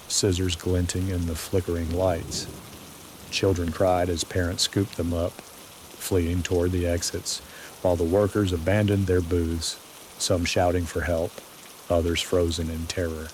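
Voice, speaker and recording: A man with a very low, deep voice narrates a sleepy horror story in a slow, deliberate manner. His delivery is ominous and carefully scripted. Gentle rain patters faintly behind him. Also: slight background noise.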